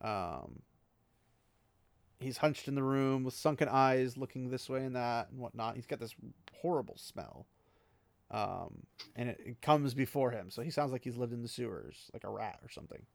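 A man's voice: mid-range voice, moderate pace, gravelly, dry recording. A man casually retelling a fantasy novel chapter for a podcast, chatty with lots of asides. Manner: chatty, lots of 'he's like' asides, laughs at the text. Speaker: book recap podcaster.

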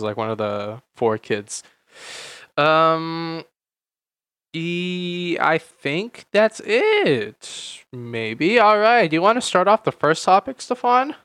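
A man's voice: medium pitch, fairly bright tone, clear, resonant tone, no room sound, clean studio sound. A young man in his late teens, co-hosting a casual chat podcast, rambling with lots of fillers and repeated words. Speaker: podcast co-host.

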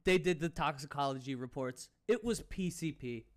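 A man's voice: on the high side, moderate pace. A man co-hosting a podcast, leading the conversation with a teasing, upbeat manner. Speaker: podcast co-host. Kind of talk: casual podcast chat.

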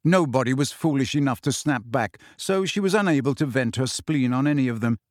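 A man reading audiobook narration in a measured, even storytelling manner, close to the mic. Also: medium pitch, no room sound. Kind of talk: scripted narration.

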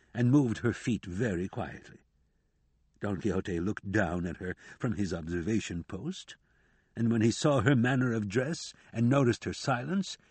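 Husky male audiobook narrator. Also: mid-range voice, dry recording. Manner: measured, steady reading. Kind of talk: scripted narration.

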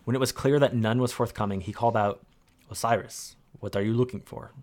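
Calm man reading lore aloud. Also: mid-range voice, fairly quick.

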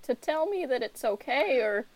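A woman's voice: high-pitched, sing-song, moderate pace, darkish tone. A woman acting as game master, narrating a tabletop game with playful, laughing asides.

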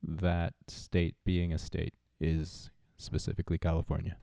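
A man's voice: a bass voice, monotone, unhurried, vocal fry, dark tone, no echo. A man co-hosting a podcast, dropping in dry quips and short facts during casual chat. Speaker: podcast co-host. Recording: dull lo-fi sound.

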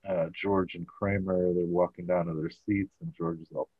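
Podcast host, male, very low and husky, rambling recap, filler-heavy. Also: little pitch movement, moderate pace, no echo. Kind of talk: casual show recap. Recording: dull, dry audio.

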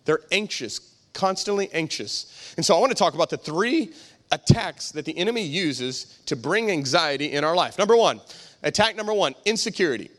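Pastor, male, emphatic sermon delivery, high voice, asks the room questions. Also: expressive, normal speed, a bit bright. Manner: emphatic, repetitive, rhetorical questions.

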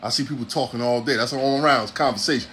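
Racing along at medium pitch, this man's voice has a touch of brightness. He's a podcast host from Ohio, USA, in his forties, and his casual monologue rambles and swears in the manner of a preacher.

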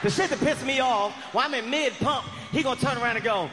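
A stand-up comedian telling a story on an arena stage, loud and animated, often shouting his punchlines. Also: extremely high pitch, fast talker, background noise. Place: large arena stage before a live crowd. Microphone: handheld stage mic. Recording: arena reverb with loud crowd.

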